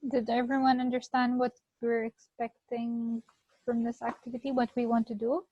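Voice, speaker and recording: Female co-host on a dead-dry, muffled call line, bright higher voice, easygoing. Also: flat delivery, moderate pace, dry recording. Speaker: workshop co-instructor. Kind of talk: online workshop teaching. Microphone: video call. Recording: dull dry video call audio.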